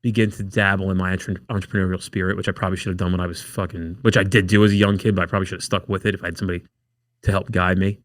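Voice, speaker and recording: Speaking very fast in a low-sitting voice, this man is a guest on a podcast, and the clean studio recording has no echo. His casual storytelling is profane and lively, full of wild tales where he performs other people's lines.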